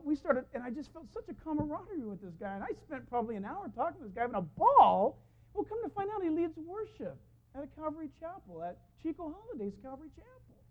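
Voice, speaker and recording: A man preaching a sermon as a pastor, telling stories in an animated way and acting out the voices of the people he quotes. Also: very high voice. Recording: dull lo-fi sound.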